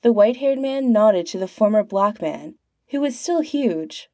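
Woman reading a story in a mellow voice. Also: medium pitch, animated, unhurried, no room sound, studio quality. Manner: reads aloud, putting on character voices. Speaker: fan fiction reader. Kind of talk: storybook narration.

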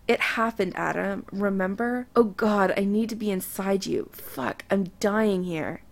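A tender, teasing man from a read-aloud romance, as a woman reader puts him on. He speaks softly and intimately, with a gravelly edge. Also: mid-range voice, unhurried, lightly acted. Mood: urgent.

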